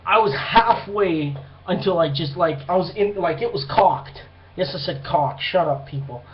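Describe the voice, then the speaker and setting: A man's voice: sits high, moderate pace, muffled recording, slight background noise. A young man telling a rambling, profane story in a casual monologue, acting out the people in it. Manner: profane, rambling, animated retelling. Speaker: vlogger.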